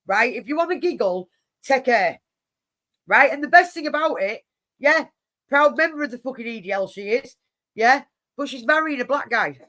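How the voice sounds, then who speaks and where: A woman's voice: high-pitched, expressive, moderate pace, a bit bright. A woman hosting a live stream, telling rambling stories full of swearing and acted-out quotes. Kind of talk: casual profane storytelling chat.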